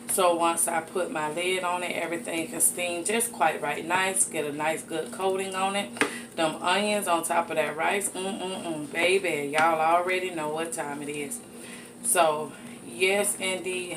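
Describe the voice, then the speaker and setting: A woman's voice: lowish voice, steady tone, normal speed. A woman hosting a cooking show, chatty and folksy as she talks viewers through a recipe in her home kitchen. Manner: folksy, chatty, addresses viewers as y'all and honey. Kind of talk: casual cooking demonstration. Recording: audible background noise.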